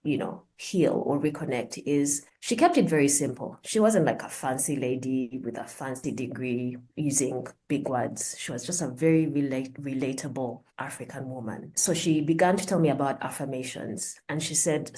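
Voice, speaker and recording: A woman with a notably deep, low-pitched voice speaks as a podcast guest. She tells her own story in an earnest, reflective way, pausing to think as she talks. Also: mellow. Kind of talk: personal story in a podcast interview.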